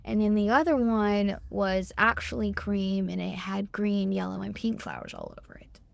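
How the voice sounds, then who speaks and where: A woman's voice: mid-range voice, wildly swooping pitch, moderate pace, creaky. A seventeen-year-old woman with a Texan accent, telling a story in a casual chat, full of "like" fillers. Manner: chatty, many "like" fillers, acts out quotes. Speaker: guest, store employee.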